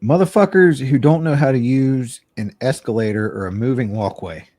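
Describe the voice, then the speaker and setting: A man's voice: medium pitch, moderate pace, mellow, no room sound. A man co-hosting a comedy podcast, ranting in a profane, curmudgeonly way. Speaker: podcast co-host. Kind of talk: casual comedy podcast chat.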